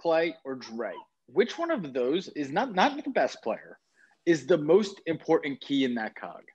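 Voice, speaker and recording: On a trip away from home, this podcast co-host gets excited discussing sports cards, staying lively and fixing his own slips along the way. His voice is a little high and husky, at a measured pace, with the highs cut off.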